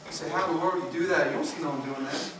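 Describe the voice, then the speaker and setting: High-voiced preacher in an echoey church. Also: male voice, racing. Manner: emphatic, swinging between loud peaks and hushed low passages. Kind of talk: sermon. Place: church sanctuary. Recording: echoey church from far off, noisy.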